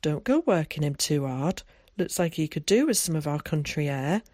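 A woman's voice: deep voice, expressive, moderate pace, a little mellow, no room sound, clean studio sound. A narrator voicing a prim village librarian woman who speaks in a politely formal, mildly teasing way.

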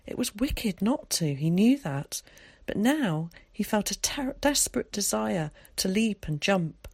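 A woman narrating an audiobook chapter in a measured, expressive storytelling voice. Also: medium pitch, vocal fry, breathy edge, no echo. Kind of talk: scripted narration.

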